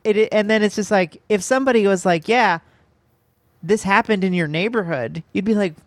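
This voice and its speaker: A woman's voice: mid-range voice, a little fast, no echo, clean studio sound. A young woman co-hosting a casual podcast chat, laughing easily and talking with hesitant fillers.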